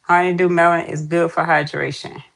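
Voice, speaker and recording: A woman's voice: lowish voice, little pitch movement, moderate pace, vocal fry. A woman hosting a casual live stream, chatty and greeting viewers over and over. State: out of breath.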